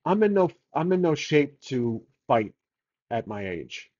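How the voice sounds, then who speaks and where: A man's voice: mid-range voice, sing-song, unhurried, darkish tone, lo-fi sound. A man voicing a weary old elf guard. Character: older male elf armory guard, weary, unwilling to fight.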